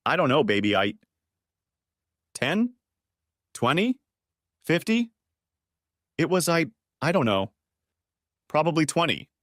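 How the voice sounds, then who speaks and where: A man's voice: fairly high pitch, animated, moderate pace, pauses often, fairly bright tone, dry recording, clean studio sound, pitched above the performer's own voice. A man voicing a tearful, unfaithful wife who stammers and begs, lifting his voice well above his own. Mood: hesitant. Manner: begging, stammering, sobbing. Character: tearful pleading unfaithful wife, adult woman.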